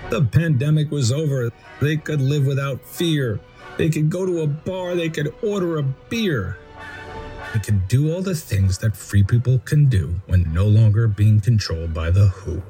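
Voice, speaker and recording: A man's voice: mid-range voice, animated, measured pace, mellow, soft background music. A man narrating a rhyming storybook poem with a sing-song, sarcastic rhythm.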